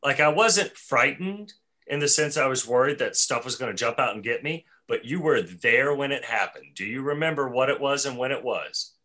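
A man's voice: medium pitch, expressive, normal speed, sharp tone. A man hosting a casual podcast chat, enthusiastic and saying "dude" a lot. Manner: enthusiastic, says "dude" often. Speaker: podcast host.

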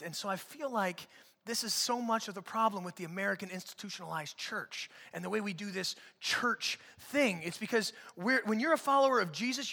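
A man in his thirties preaching a sermon in a church, animated and joking, acting out quotes. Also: very high-pitched, long reverb tail. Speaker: pastor. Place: church auditorium.

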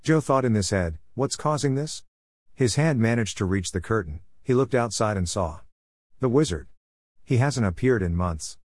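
Storyteller, male, low register, earnest read-aloud, dry booth sound. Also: animated, normal speed, darkish tone, dry recording. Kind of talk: reading his own story aloud.

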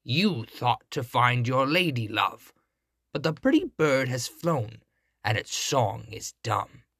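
A man's voice: medium pitch, sing-song, takes it slowly, fairly bright tone, no room sound, clean studio sound, exaggerated voice. A man voicing a spiteful wicked old female witch in a storybook reading, cackling and scornful. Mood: mocking.

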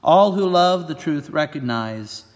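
Calm, solemn man on trial, read by a man, measured delivery, churchy reverb. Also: a little high.

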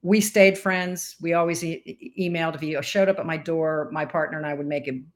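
A woman in her sixties, a podcast guest, telling stories in a lively interview chat and acting out what others said. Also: deep voice, a little fast. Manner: animated storyteller who acts out quoted voices.

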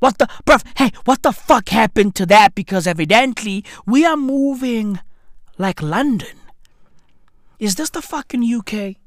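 A woman rants for laughs, loud, profane and full of slang. Her pitch sits a little high and leaps around animatedly as she drawls slowly. The sound is dry and close. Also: animated, no room sound. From South Africa. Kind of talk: comic rant.

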